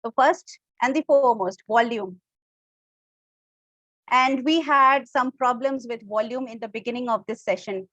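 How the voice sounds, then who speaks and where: A woman with an Indian English accent runs an online public speaking class, explaining each point and demonstrating different tones of voice. Her voice sits high. The recording is dry and slightly dull, as from a call. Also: fairly bright tone, no echo. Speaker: public speaking workshop instructor. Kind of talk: live online class teaching.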